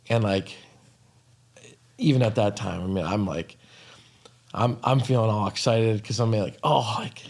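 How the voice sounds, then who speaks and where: A young adult man hosting a podcast, telling a story in a chatty, excitable way with lots of fillers. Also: lowish voice. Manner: chatty and excitable, heavy use of "like" and "um". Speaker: podcast host. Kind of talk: casual storytelling chat.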